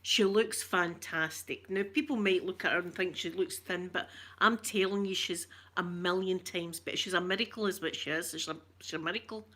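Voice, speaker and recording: A woman's voice: on the low side, normal speed, few pauses, bright, forceful tone. A Scottish woman telling a rambling, emotional story in casual chat and greeting viewers as she goes. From Scotland. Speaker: vlogger talking to viewers.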